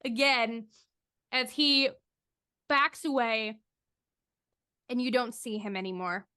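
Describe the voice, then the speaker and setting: A woman's voice: on the high side, takes it slowly, pushed and bright, clean tone. A woman acting as game master, narrating a tabletop horror game with suspenseful description.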